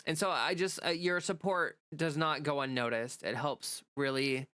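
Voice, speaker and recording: A woman hosts a casual livestream, with a bright and crisp voice. She rambles through fillers and restarts, greets viewers and reads out their comments. The room sound is dry and close. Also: sits low, steady tone, moderate pace, no room sound. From United States. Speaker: livestream host.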